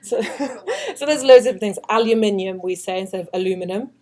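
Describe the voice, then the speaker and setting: A woman's voice: medium pitch, animated, normal speed, a little mellow. A young woman from the United Kingdom with a British English accent, giving a chatty, upbeat orientation talk and joking with her audience. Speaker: study abroad orientation presenter. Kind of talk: orientation presentation.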